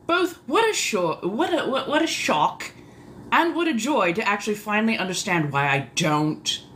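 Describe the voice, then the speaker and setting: A woman streamer chatting live in a put-on old colonial accent that mixes English, Scottish and Irish tones. She speaks in a genteel, theatrical way and answers her chat with drawn-out exclamations. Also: mid-range voice, a bit bright, a little hiss or hum. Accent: put-on old colonial mix of English, Scottish and Irish. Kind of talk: casual live chat in a vampire persona.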